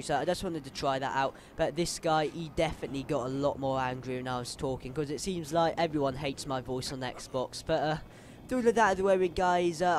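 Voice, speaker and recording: A man's voice: fairly high pitch, slight background noise. A man, a gaming YouTuber chatting casually to viewers, with lots of fillers and laughter. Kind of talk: casual video intro and game chat.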